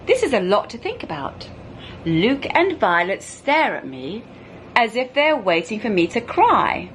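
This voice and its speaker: A woman reading a children's book aloud, slow and animated, dropping to dramatic whispers. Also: fairly high pitch, slight background noise.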